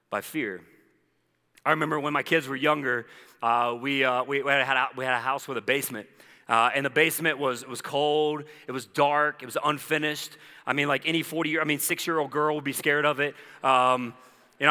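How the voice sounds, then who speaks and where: Bright-voiced pastor preaching in a hall. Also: male voice, a little high. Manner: animated storytelling with conversational asides. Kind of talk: sermon. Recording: echoey hall reverb.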